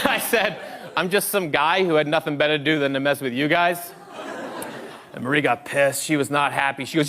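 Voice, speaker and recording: A man performing stand-up, his voice high and swinging widely as he acts out the people in his story. Audience laughter and a crowd murmur sit behind him, with noise on the recording of the live set. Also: lively intonation, fairly quick. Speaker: stand-up comedian.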